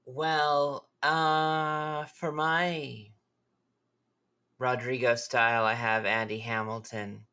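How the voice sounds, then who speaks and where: A man's voice: mid-range voice, little pitch movement, extremely slow, sharp tone, clear, resonant tone. A man co-hosting a casual podcast, speaking hesitantly with lots of fillers. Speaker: podcast co-host.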